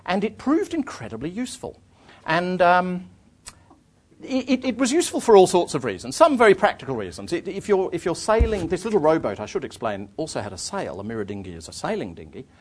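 A man, an author, telling travel anecdotes to an audience in a lively, self-deprecating way, often restarting his phrases. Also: sits high, brisk, slightly rough. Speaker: author giving a talk.

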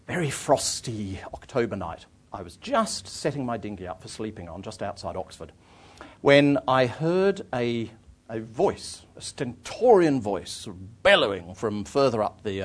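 A man, an author, telling travel anecdotes to an audience in a lively, self-deprecating way, often restarting his phrases. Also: fairly low pitch, normal speed. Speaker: author giving a talk.

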